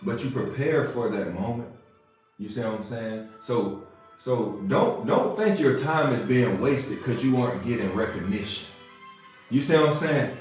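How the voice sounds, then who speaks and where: Faint music and a roomy echo surround a man hosting a podcast as he offers a casual, preachy motivational talk, a little slow, in a mid-range voice with lively intonation. He repeats himself often and keeps asking listeners "you see what I'm saying."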